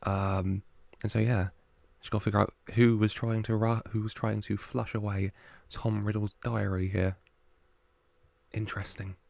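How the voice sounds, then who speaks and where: Man, gravelly, fairly low, dry close sound, chatty film reaction, laughs a lot. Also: level tone, normal speed, darkish tone, dry recording. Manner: chatty, laughs often, jokes with the screen. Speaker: reaction video host. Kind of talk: casual film reaction commentary.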